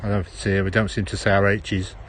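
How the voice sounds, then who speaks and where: A livestream host from Stoke-on-Trent, England, rambles chattily with a Potteries accent, dropping his H's as he walks through an outdoor park holding his phone. His voice is on the low side with little pitch movement, he talks briskly, and there's slight background noise.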